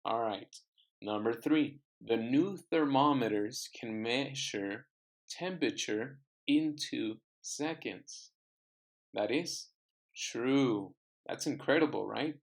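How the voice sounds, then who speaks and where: A man's voice: mid-range voice, slow pace, vocal fry. A man teaching an English class, patiently repeating words and phrases for his students to echo. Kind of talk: online classroom lesson.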